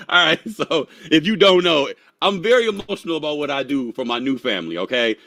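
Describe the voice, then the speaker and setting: A man hosting a casual crypto live stream, slangy and animated, laughing often and talking straight to his chat. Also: medium pitch, fairly quick.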